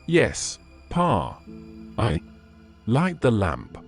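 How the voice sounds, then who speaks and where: Man voicing a small frightened boy, pleading, high and shaky, big swings in tone. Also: wildly swooping pitch, extremely slow, soft background music, exaggerated voice. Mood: timid. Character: frightened little boy pleading with his father.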